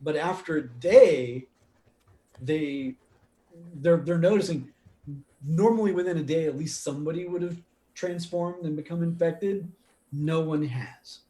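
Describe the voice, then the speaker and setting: A man narrating a tabletop role-playing game as game master, telling the action in a loose, animated way with many fillers. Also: on the high side, unhurried. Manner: animated, filler-heavy storytelling.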